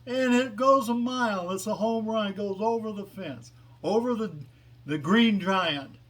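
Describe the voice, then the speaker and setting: A man's voice: high-pitched, unhurried, fairly bright tone. A man telling a long joke as a casual story, meandering and hesitant with many fillers. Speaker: joke teller.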